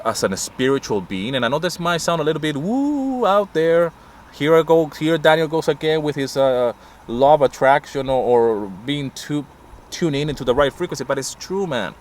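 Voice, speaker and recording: A man's voice: mid-range voice, slight background noise. A middle-aged man giving a passionate, rambling vlog monologue while sitting in a parked car. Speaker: vlogger.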